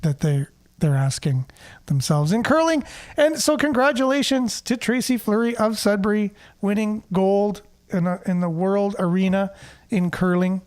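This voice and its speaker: A man's voice: sits high, moderate pace, darkish tone. A man hosting a casual local news show, chatting and reading the news aloud with asides and fillers. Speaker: host.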